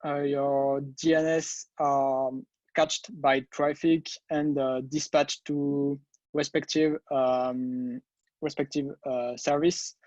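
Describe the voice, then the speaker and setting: French-accented man, webinar presenter, mellow dry tone, dull lo-fi call audio. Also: on the high side, level tone, slow pace, dry recording. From France. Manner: hesitant, many "uh" fillers. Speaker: guest presenter, developer.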